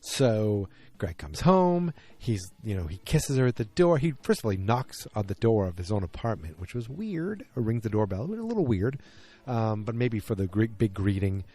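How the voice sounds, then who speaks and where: Brief: male podcast host, lower voice, mellow tone, casual rambling recap full of ums. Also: very animated, normal speed. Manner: rambling, many fillers and restarts. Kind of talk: casual solo episode recap.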